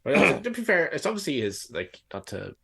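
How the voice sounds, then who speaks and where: A man co-hosting a podcast, making rambling, animated comparisons in casual chat. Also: a little high, normal speed, vocal fry, breathy edge. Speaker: podcast co-host.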